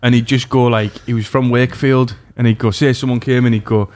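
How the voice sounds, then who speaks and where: A man's voice: medium pitch, fairly even intonation, fairly quick, a little mellow. A man hosting a podcast, telling stories in casual chat, rambling, laughing through them and swearing freely. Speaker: podcast host.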